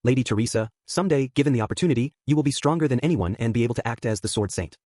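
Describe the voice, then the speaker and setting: Guy reading a loyal lady servant, steady, quick and husky. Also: medium pitch, no room sound, studio quality, lightly acted. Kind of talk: audiobook reading.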